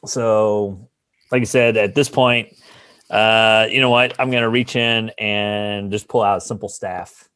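A man's voice: lowish voice, fairly even intonation, a little slow, a bit bright, smooth. A man playing a tabletop role-playing game, thinking aloud and laughing easily. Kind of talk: casual in-character game talk.

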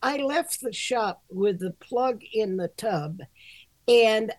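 A woman's voice: fairly high pitch, expressive, slow, a little mellow, dry recording. An older woman co-hosting a grooming podcast, chatting casually, self-deprecating and frank, laughing often and swearing freely. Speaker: podcast co-host, dog groomer and shop owner. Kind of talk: casual chat.

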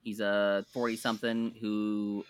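A man co-hosting a podcast speaks a little slowly in a low, level, clean-toned voice with no room sound. In casual chat he rambles and corrects himself, restarting as he enthusiastically recommends shows.

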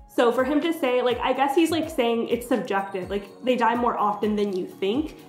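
A chatty young woman, pitched a little high, tells a game story in casual podcast chat, leaning hard on fillers like "like." The room rings with echo, and a faint music bed sits underneath. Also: normal speed. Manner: chatty, filler-heavy, laughs often. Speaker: podcast co-host.

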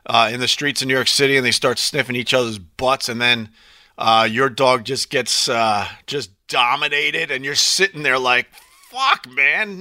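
A man hosts a live stream in an offhand, rambling chat, swearing freely as he answers viewer comments. His voice is strikingly bright and forceful. It sounds dry and close, with no room sound. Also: medium pitch, dry recording. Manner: loose and profane, with rambling asides.

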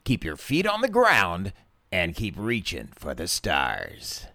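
A man doing a smooth, deep-voiced radio countdown host. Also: wildly swooping pitch, slow pace, bright, forceful tone, no echo, clean studio sound, full character voice.

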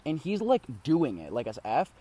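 A man's voice: on the high side, wildly swooping pitch, moderate pace, mellow, breathy edge. A man casually telling a long story on a podcast, rambling with many fillers and swearing freely. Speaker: podcast co-host.

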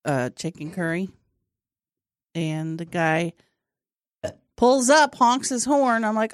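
A woman chatting casually, telling stories with a deadpan joking manner. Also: on the low side, slow pace, long pauses, no echo, studio quality. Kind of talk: casual chat.

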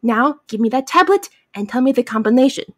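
A woman playing a furious, pompous ancient pharaoh who shouts threats. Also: fairly high pitch, lively intonation, fairly quick. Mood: furious threatening. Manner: shouting threats in a put-on accent.

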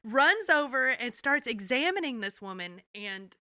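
A woman with a bright, clear voice recaps a show episode for her co-host, animated and salty-mouthed. The sound is dry and close. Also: a little high, measured pace, no echo. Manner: animated, profane storytelling. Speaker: podcast co-host.

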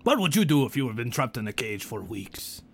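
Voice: mid-range voice, sing-song, brisk, breathy edge. A game master narrating a tabletop game in a laid-back way, swearing and joking freely.

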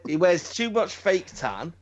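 A man's voice: high voice, big pitch swings, a little slow, slight background noise. Male co-host, blunt and profane, stammers into rants; muffled lo-fi audio. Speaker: podcast co-host. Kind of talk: casual wrestling chat.

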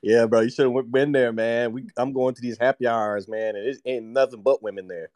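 A man co-hosting a podcast, chatting casually and laughing often as he tells a story in relaxed slang. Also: mid-range voice, a little fast, dry recording. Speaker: podcast co-host. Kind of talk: casual chat.

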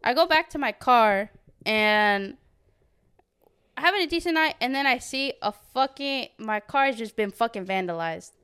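A woman's voice: on the high side, lively intonation, normal speed, a bit bright, clean tone. A young woman in her twenties on a podcast, telling a profane story in casual chat and acting out the quotes. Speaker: podcast co-host.

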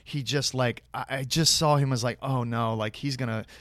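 A man's voice: medium pitch, steady tone, normal speed, a bit bright, no echo, studio quality. A man, an actor guest, casually telling a long anecdote with frequent restarts and acted-out quoted dialogue. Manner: rambling, many restarts, acts out quoted dialogue.

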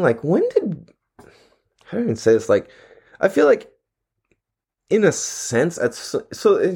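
A man's voice: medium pitch, darkish tone. A man talking to the camera in a casual, rambling monologue, laid-back and full of profane slang, his throat a little dry. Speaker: vlogger.

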